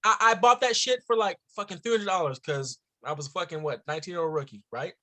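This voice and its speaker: A man's voice: sits high, quick pace, bright, forceful tone. A man in casual chat, cracking crude, profane jokes and bantering loosely.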